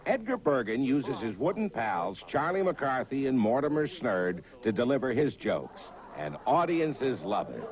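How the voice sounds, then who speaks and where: Lively man narrating a film compilation. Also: mid-range voice, measured pace, hardly any pauses, low-quality recording. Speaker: documentary narrator. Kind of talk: scripted narration.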